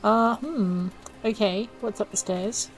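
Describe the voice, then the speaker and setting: Lady chatting thru her game, mid pitch, jokey and a bit self-mocking, talking to herself on a desk mic. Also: fairly even intonation, slow pace, rough recording. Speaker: let's play gamer. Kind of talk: casual gameplay commentary.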